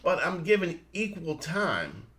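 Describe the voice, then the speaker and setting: Animated man co-hosting a lively chat. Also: fairly high pitch, unhurried. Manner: upbeat, laughs often, addresses listeners as family. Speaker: co-host. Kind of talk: casual morning show chat.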